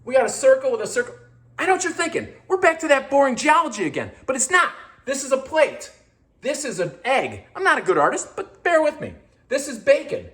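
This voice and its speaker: A woman's voice: high-pitched, fairly quick, reverberant. Woman playing a clueless goofy cooking guy. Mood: goofy boastful. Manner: boastful, deadpan silly, jumpy loudness. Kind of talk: comedy sketch monologue.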